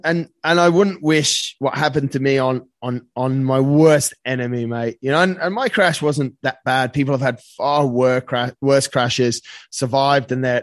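A man's voice: mid-range voice, no echo. A man telling a personal story as a podcast guest, earnest and casual, often saying "mate" and swearing freely.

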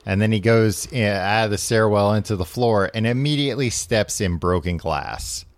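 Low-voiced man rambling through a recap. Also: normal speed, no echo. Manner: rambling, laughs often, many fillers. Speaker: podcast host. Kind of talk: casual book recap chat.

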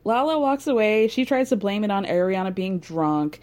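A woman's voice: mid-range voice, lively intonation, moderate pace, darkish tone. A young woman casually recapping a reality TV episode with chatty, sarcastic asides.

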